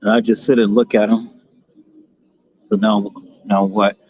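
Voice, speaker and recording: A man's voice: lowish voice, flat delivery, a little slow, a little mellow, slightly rough. Chatty man livestreaming from a phone. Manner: rambling, chatty, talks to passersby and a toddler. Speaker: livestream host. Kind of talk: casual live-stream chat. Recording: lo-fi phone audio.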